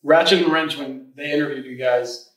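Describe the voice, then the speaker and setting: A man's voice: a little high, normal speed, fairly bright tone, roomy sound, distant mic, rough recording. A man hosting a podcast, chatting in a laid-back way with lots of fillers. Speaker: podcast host. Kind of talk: casual podcast chat.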